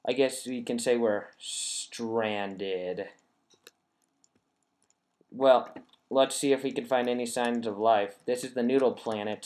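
A man hosts a casual game commentary, chatting with his viewers as he plays. He thinks aloud in a rambling, easygoing way, and his voice sits at a middle pitch. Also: a little mellow. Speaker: gaming channel host.

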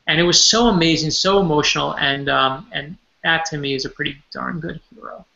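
A man's voice: on the high side, brisk, vocal fry, pushed and bright. A man, an author appearing as a guest from his home office over a remote call, telling personal stories earnestly, with stumbling restarts. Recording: echoey lo-fi remote audio.

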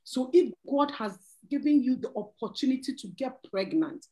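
A woman's voice: high-pitched, expressive, normal speed, dark tone, low-quality recording. Earnest woman, pleading, laughing. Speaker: panel guest. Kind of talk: church talk show sharing testimony.

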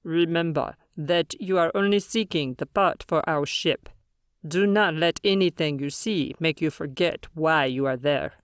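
A woman voicing a tall, solemn female alien leader who speaks slowly and formally in an audiobook. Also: sits low. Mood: grave. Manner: slow, grave and formal. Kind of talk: audiobook character voice.

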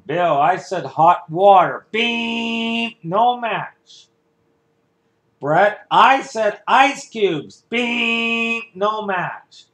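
Here a man's fairly bright, high-pitched voice rings through an echoey room as he plays every part of a game show alone. He runs through announcer patter and hums the show's theme himself, a playful one-man parody.

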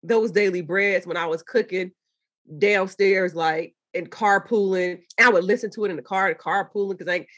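A woman chatting as an interview guest, telling animated stories and jumping into excited, high quoted voices. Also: normal speed. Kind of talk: casual interview chat.

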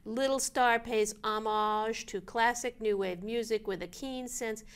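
A woman co-hosting a local events show, reading listings in a brisk, chatty way with friendly asides. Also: a little high, steady tone, smooth. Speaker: chamber of commerce co-host reading event listings. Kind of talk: casual local events chat.

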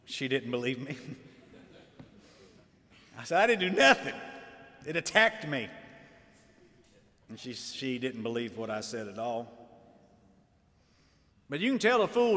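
A man preaching a fiery sermon, swinging between shouted lines and low, emphatic asides. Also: very animated, a little slow, pauses often, long reverb tail.

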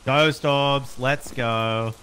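A mid-pitched man talking a friend through a ghost hunt in a game, steady and practical as he gives directions. Loud hiss sits under his voice throughout. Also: extremely slow. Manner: calm, directing the team. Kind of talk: casual gaming chat. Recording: noisy stream audio.

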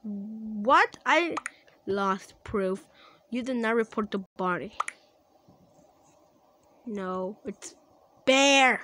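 A woman giving casual, excitable commentary while playing an online game, laughing and shouting as things happen. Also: on the high side, extremely slow, long pauses, a little hiss or hum, rough recording. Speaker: gaming channel creator.

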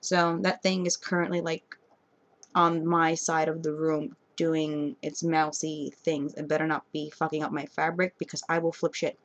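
A woman's voice: flat delivery, normal speed, dry recording. A young woman with a New York accent, ranting into her camera from her bedroom late at night, swearing constantly and swinging from rambling and sleepy to fired up. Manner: sleepy, rambling and low-key. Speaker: vlogger.

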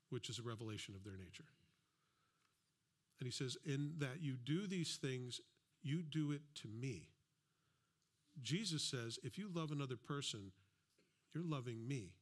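A man's voice: mid-range voice, animated, unhurried, long pauses. A man preaching a sermon as a pastor, in a conversational style with asides and acted-out quotes. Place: church.

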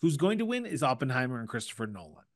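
A man's voice: mid-range voice, big pitch swings, quick pace, no room sound. A Canadian man co-hosting a podcast in casual chat, with a dry, teasing, mock-indignant manner. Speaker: podcast co-host.

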